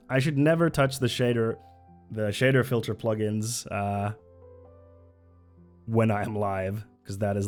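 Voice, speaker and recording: A man's voice: on the low side, darkish tone. A young man livestreaming, chatting casually in a rambling, joking way that often breaks off mid-sentence. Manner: rambling, self-interrupting, joking. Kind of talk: casual chat.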